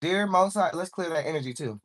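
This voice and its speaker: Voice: mid-range voice, lively intonation, fairly quick. A spiritual card reader doing a live reading for her viewers, encouraging them and calling on angels, with "okay?" after nearly every line. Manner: encouraging, repeats "okay?" often; informal speech, calls on angels.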